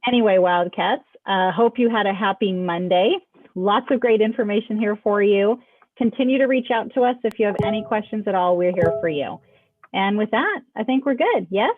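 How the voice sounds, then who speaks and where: A woman hosts a casual school update, talking students through a website in a friendly, chatty way. She sits mid-range in pitch. The video-call audio sounds tinny and phone-like, with no trace of room echo. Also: normal speed. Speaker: school staff host. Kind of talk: casual school announcement chat.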